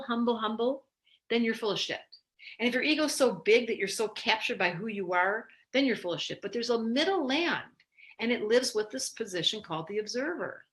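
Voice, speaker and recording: Woman, astrologer, casual lesson, expressive storytelling, candid. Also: mid-range voice. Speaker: astrologer teaching.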